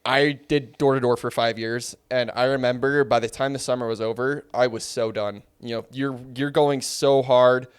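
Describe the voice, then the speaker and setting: A man's voice: medium pitch, fairly even intonation, moderate pace, few pauses, clear, resonant tone. A man hosting a casual podcast interview, reflecting and asking broad framing questions. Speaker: podcast host.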